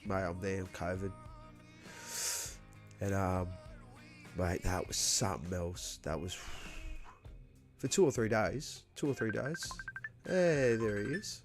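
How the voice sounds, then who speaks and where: A man's voice: sits low, slow pace, long pauses, over music. Laid-back man, swearing. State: coughing after illness. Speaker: livestream host. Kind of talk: casual chat.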